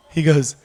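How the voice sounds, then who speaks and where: Animated man preaching in an echoey hall. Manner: animated storyteller, acts out dialogue, laughs often. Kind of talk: sermon storytelling. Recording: echoey hall with long reverb.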